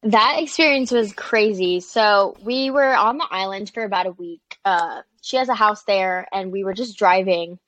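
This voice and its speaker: Chatty and animated, this young woman, a social media creator being interviewed, shares casual stories in a medium-pitched voice at a moderate pace with few pauses. She says "like" a lot and quotes what others said.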